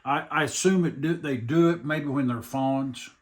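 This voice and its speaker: An older man, a taxidermist chatting casually, talking slowly with halting restarts and rural grammar. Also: medium pitch. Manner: slow, halting, repeats words, rural grammar. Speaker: taxidermist guest. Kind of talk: casual chat.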